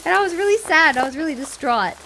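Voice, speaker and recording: A young woman streamer casually telling a story, animated and giggly, often breaking into laughter. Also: high voice, fast talker, slight background noise.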